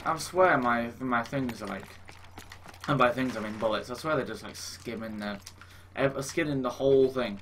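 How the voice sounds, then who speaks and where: A young man talks casually over his gameplay. He mocks himself, swears freely and lets out sudden exclamations. Game noise sits clearly behind his voice. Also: mid-range voice. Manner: self-mocking, swearing, quick to exclaim. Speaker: gaming YouTuber.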